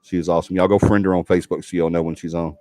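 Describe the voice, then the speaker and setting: A very low-voiced man with a drawl hosts a casual livestream, folksy and chatty as he reads comments from viewers. The sound is dry and close, with no room around his voice. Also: flat delivery, rapid-fire, dark tone, no echo. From Alabama. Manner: chatty, folksy, laughs often. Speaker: paranormal livestream host.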